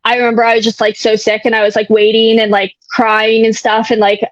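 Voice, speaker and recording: A young woman with a fairly high voice talks through her past in a frank, rambling way, using filler words constantly and swearing without hesitation. The recording is dull and lo-fi, with a dry, close sound. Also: monotone, brisk, no echo. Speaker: guest sharing recovery story. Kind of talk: casual candid storytelling.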